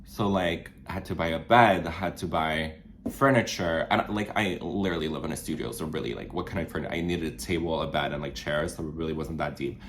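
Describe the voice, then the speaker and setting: A deep-voiced young man with a French Canadian accent chats casually to camera in his small studio apartment. He rambles, with frequent fillers and restarts, and his voice often leaps up before settling low again. Faint room ambience sits behind him. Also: brisk, a bit bright, a little hiss or hum. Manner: rambling, many fillers and restarts, sudden jumps up in pitch. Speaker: vlogger. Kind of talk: casual chat while doing makeup.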